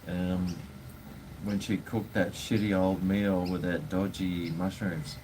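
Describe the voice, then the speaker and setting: Casting: Australian bloke, live-stream host, sweary and rambling, faint background hum. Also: male voice, deep voice, little pitch movement, slow pace. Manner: rambling, blunt, swears freely. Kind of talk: casual live-stream chat.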